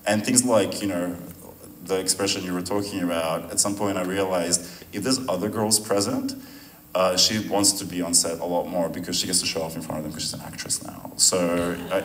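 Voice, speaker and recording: Filmmaker at a post-screening Q&A: man, very low voice, relaxed and rambling, caught roomy and a bit distant. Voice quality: relaxed, rambling, laughs often. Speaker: filmmaker answering audience questions. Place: venue hall at a screening. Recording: roomy sound from a distant mic, faint noise.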